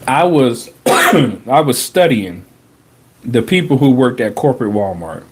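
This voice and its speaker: A man hosting a podcast, telling a personal story in a casual, animated way, full of slang and repeated phrases for emphasis. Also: medium pitch, measured pace, husky. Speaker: podcast host.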